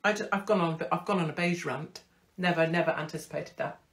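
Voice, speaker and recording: A woman's voice: fairly low pitch, brisk. Blunt, rambling woman. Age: middle-aged. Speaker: host. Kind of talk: casual live-stream chat.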